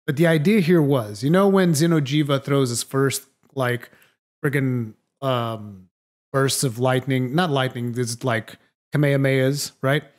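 A man's voice: mid-range voice, measured pace. A man hosting a podcast, chatting casually and animatedly, often laughing and acting out lines. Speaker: podcast host.

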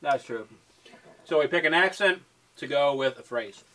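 A man's voice: fairly high pitch, expressive, normal speed, pushed and bright, rough recording. A man co-hosting a casual challenge video, joking, self-deprecating and laughing often. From Wisconsin. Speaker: co-host. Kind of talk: casual chat.

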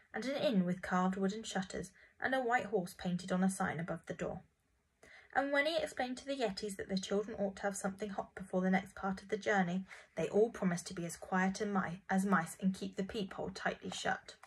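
A woman reads a children's storybook aloud with gentle expression. Her voice sits in the middle range and has a soft, breathy edge. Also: medium pitch, rough recording. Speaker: narrator.

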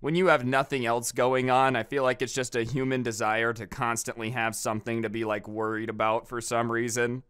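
A man's voice: medium pitch, little pitch movement, a little fast, few pauses, a bit bright, clean tone, no echo, studio quality. A young man telling storytime tales in a casual, sarcastic, exasperated ranting way. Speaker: storytime YouTuber.

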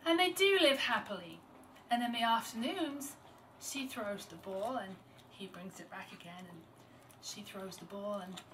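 A woman's voice: medium pitch, a little slow. Woman storyteller telling a folktale. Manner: unscripted, with small restarts and varied loudness. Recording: distant mic with clear background noise.

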